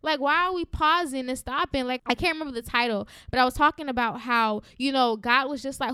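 A woman's voice: high-pitched, fast talker, few pauses, bright, forceful tone, no room sound, clean studio sound. Fervent woman preaching on a podcast. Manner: fervent, preachy, keeps asking "right?". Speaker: podcast host. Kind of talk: faith-based encouragement podcast talk.

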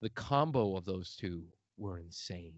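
Animated Midwestern man with a lively voice. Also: low voice, a little slow, no room sound. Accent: Midwestern American. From outside Chicago. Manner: animated, swears freely, laughs often. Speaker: podcast host. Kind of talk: casual chat. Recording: dry, muffled lo-fi audio.

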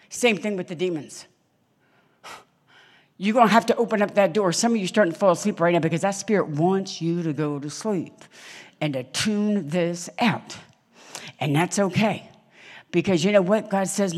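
A middle-aged woman preaches before a congregation in a husky, slightly low voice. She tells her stories with flair, acting out the people she quotes and swinging from hushed whispers to loud exclamations. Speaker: guest preacher. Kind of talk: animated sermon with storytelling. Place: church hall in front of a congregation.

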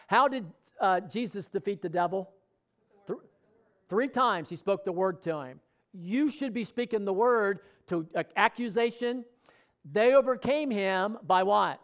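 A man's voice: high-pitched, normal speed. A middle-aged man preaching a sermon in a conversational way, asking the congregation questions and speaking out example prayers. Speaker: pastor.

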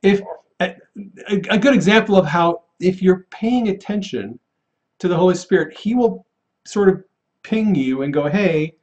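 A man telling a faith testimony from his paramedic work, animated and laughing often as he acts out the voices he quotes. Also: high voice, moderate pace, muffled recording. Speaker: paramedic and guest sharing a testimony. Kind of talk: casual storytelling testimony.

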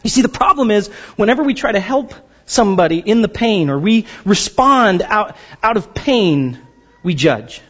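Lively, high-pitched joking pastor. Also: male voice, normal speed, slightly rough, big-room sound, muffled recording. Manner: animated and joking, acts out quoted voices. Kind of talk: sermon.

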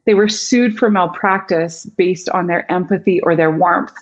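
A woman speaking as a guest on a video interview, explaining in a measured way. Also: lowish voice, fairly even intonation, muffled recording.

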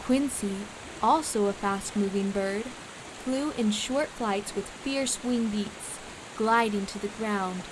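Slow-reading woman storyteller. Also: mid-range voice, background noise. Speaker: audiobook narrator. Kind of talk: scripted children's story narration.

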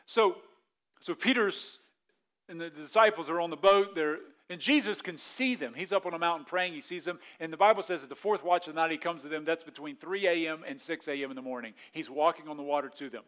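A man preaching a sermon in a fairly high voice. He tells the story with energy, raising his voice to act out scared disciples, then drops low and soft for his reflective points. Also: fairly quick. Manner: animated storytelling, acts out the disciples' panic in a raised voice. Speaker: pastor.

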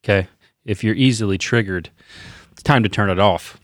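A man's voice: fairly low pitch, dry recording. Male co-host, playful jokester, dry close mic. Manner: playful, teasing, talks in quick bursts. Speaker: podcast co-host. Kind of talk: casual chat.

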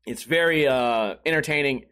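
A man's voice: mid-range voice, moderate pace, sharp tone, clean tone. A young man hosting a live-streamed solo podcast, telling rambling, profane, self-mocking stories in a casual way.

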